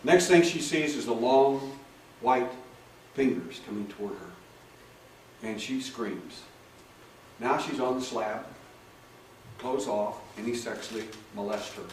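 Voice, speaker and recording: A man speaking as a hypnotherapist gives an animated talk to an audience, playing out both sides of the dialogue with sudden loud bursts. His voice sits at a middle pitch. It is picked up from a distance in an echoey room with a faint hiss behind it. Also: unhurried, long pauses. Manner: animated storyteller acting out dialogue in raised voices. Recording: echoey room, far from the mic, faint noise.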